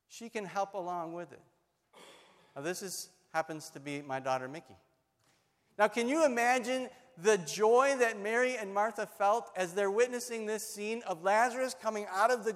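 High-voiced preacher man in a reverberant hall. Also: moderate pace, fairly bright tone. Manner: dramatic storytelling, voices the people in the story. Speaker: pastor. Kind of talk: sermon. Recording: long reverb of a large hall.

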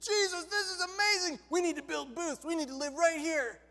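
Loud, excited outbursts from an impulsive disciple who goes all in, as a preacher plays him. The voice is high and bright. It rings out with a long echo in a big hall. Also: male voice, normal speed. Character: impulsive all-or-nothing man, the disciple Peter.

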